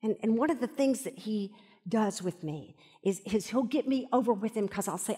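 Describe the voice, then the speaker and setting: A husky-voiced woman, teaching to a live audience. She tells stories and sinks to near-whispers to make a point. Her voice rings out in a big hall with long reverb. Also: medium pitch, moderate pace. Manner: storytelling, dropping to soft whispers for emphasis. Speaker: Bible teacher. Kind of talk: sermon at a live event. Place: large event hall.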